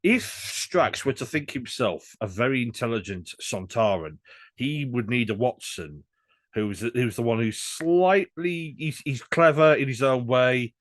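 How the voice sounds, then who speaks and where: Animated man chatting. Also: medium pitch, measured pace, no room sound, clean studio sound. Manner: animated, jokey, bursts into silly voices. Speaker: voice actor guest. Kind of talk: casual chat.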